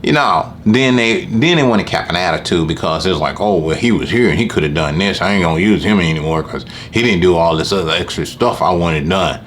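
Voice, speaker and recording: Man, low voice, casual animated rant, faint background noise. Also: brisk, hardly any pauses. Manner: animated, complaining, acts out customers in high voices. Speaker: lawn care business owner.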